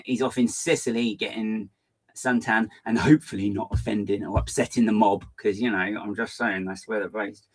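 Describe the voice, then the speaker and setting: A man hosting a live stream, chatting in a fast, hyper, rambling way while he reads out viewer comments. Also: lowish voice.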